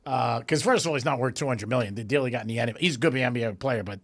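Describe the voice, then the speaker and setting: A man hosting a radio talk show in a studio, ranting in an animated, exasperated way. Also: mid-range voice, rapid-fire.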